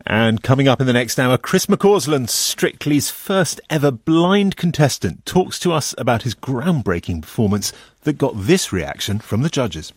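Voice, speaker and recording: A man's voice: medium pitch, very animated, normal speed, breathy edge, dry recording, studio quality. A man hosting a morning radio programme and linking between items in a conversational way. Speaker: radio presenter.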